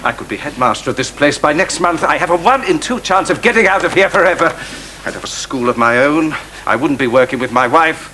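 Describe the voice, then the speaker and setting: A man's voice: fairly high pitch, expressive, a little fast, pushed and bright, a little hiss or hum. An actor playing a scheming, ambitious male deputy head in a 1990s TV sitcom, pompous and given to frantic outbursts. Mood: desperate glee.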